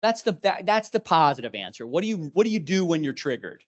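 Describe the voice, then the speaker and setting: A man runs a live leadership workshop, firing questions at his group. His pitch swoops widely and expressively as he talks. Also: fast talker, highs cut off. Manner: animated, quizzing the group. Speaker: leadership trainer.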